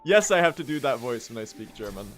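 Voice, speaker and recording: A man's voice: mid-range voice, very animated, fast talker, fairly bright tone, soft background music. A young man speedrunning on a live stream, casually commentating, swearing and addressing his chat.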